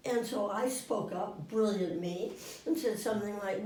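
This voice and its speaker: An older woman getting over a cold, telling anecdotes to a small audience in a lively, animated way and acting out the voices. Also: medium pitch, a little slow. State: finishing a cold. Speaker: guest storyteller. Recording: roomy room, mic far off.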